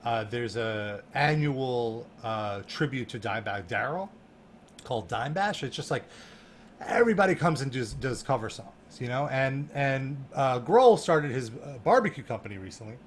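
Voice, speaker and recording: Animated man telling a story, full of fillers. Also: medium pitch, normal speed, slight background noise. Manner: animated, laughing, heavy use of "like" fillers. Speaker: guest, music journalist. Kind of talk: casual podcast storytelling.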